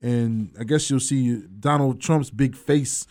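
A man's voice: mid-range voice, fairly even intonation, slow pace, darkish tone. A man hosting a sports talk radio show, joking loosely and laughing often.

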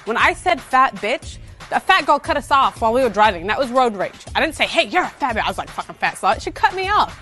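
Brief: woman reality-show cast member, confessional interview, high-ish voice, brash and profane, faint music underneath. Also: very animated, fast, pushed and bright.

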